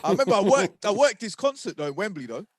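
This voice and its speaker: A man's voice: sits high, fast, no echo, studio quality. A young man, chatting casually as a podcast co-host and acting out the voices in his stories. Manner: animated storyteller, acts out what people said. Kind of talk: casual chat.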